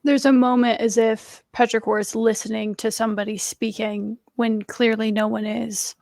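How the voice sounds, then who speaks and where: A woman with a slightly high, gravelly voice who talks in a chatty, rambling way. She is playing a character in a tabletop game. The sound is close and dry. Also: flat delivery, normal speed, a little mellow, dry recording. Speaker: player.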